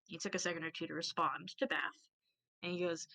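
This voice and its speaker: A woman's voice: fairly low pitch, steady tone, fast, vocal fry, pushed and bright. A woman narrating her moves in a tabletop game, giggly, swearing often and teasing herself. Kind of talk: casual tabletop play narration.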